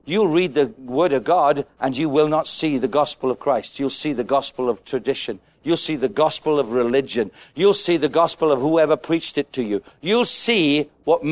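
A man preaching a sermon to a congregation, animated and asking them questions. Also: medium pitch. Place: church with a congregation.

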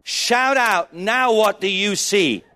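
A man preaching a sermon, urging the congregation to shout back, with a playful manner and little acted-out scenes. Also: sits high, slow, slight background noise. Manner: exhorting, calls on the congregation to shout.

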